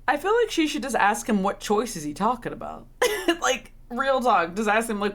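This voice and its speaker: A woman's voice: on the high side, very animated, moderate pace, a bit bright. A woman game streamer talks casually over her playthrough, ranting and laughing at the characters. She swears often and sounds openly exasperated with the story. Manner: frequent swearing. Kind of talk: casual live-stream commentary.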